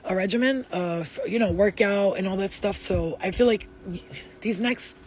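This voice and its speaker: A woman's voice: mid-range voice, normal speed, a little mellow, a little hiss or hum. A woman doing a live psychic reading for her viewers, rambling and emotional, with many restarts. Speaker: psychic reader.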